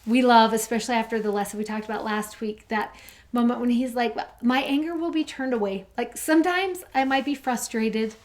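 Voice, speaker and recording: A woman co-hosting a scripture study podcast, chatting enthusiastically and slowing down to read verses aloud. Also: a little high. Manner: enthusiastic, reads verses slowly and warmly. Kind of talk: casual scripture discussion.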